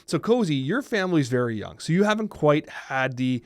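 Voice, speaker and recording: A man in his thirties co-hosting a podcast, telling stories in a quick, animated, talkative way. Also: a little high, no echo. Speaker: podcast co-host. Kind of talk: casual chat.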